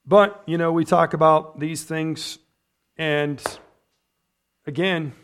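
A man preaching a sermon in church in a loose, conversational way, often checking in with his listeners with a quick "right?" or "amen?". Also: fairly high pitch, steady tone, fairly bright tone, clear, resonant tone. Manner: chatty, tags points with "right?" and "amen?". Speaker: pastor.

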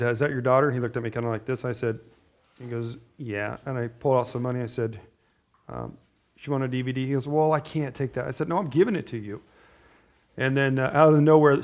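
In a medium-pitched voice, a middle-aged pastor preaches informally, telling stories in a meandering, chatty way with frequent restarts and asides.

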